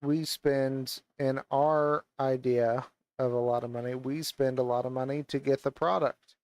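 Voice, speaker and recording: A man's voice: medium pitch, fairly even intonation, measured pace, darkish tone, clear, resonant tone, dry recording. A man ranting angrily about a game while wearing a VR headset, swearing and venting as a gaming vlogger. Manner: angry, swearing rant. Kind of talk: ranting commentary while playing. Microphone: VR headset on, gaming mic.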